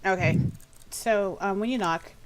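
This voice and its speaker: A woman's voice: medium pitch, measured pace, rough recording. A woman, narrating casually as game master with many fillers. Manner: casual, lots of fillers, Southern "y'all".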